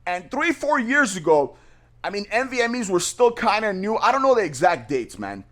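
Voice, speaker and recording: A man's voice: sits high, very animated, normal speed, a bit bright. A man who owns a small business tells a story casually, repeating himself and using slang like "bro" and "man".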